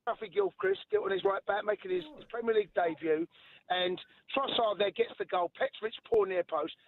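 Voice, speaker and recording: A man's voice: sits high, very animated, brisk, gravelly. Defensive man on a tinny phone line. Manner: defensive, insistent, keeps saying "right?". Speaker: radio phone-in caller. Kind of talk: heated radio phone-in argument.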